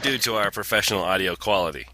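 A man's voice: on the low side, fast talker, very noisy. A man co-hosting a podcast in casual comedic chat, sarcastic and profane. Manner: sarcastic, profane, reads quotes aloud. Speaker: podcast co-host.

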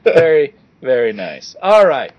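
Animated sarcastic male podcast co-host. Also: mid-range voice, a little slow, highs cut off. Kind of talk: casual podcast chat.

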